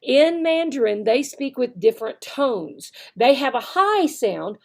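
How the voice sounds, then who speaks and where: A woman's voice: sits high, very animated, a little slow. A woman giving an instructional video lesson for online English teachers, checking in with "okay?" often and demonstrating words in varied voices.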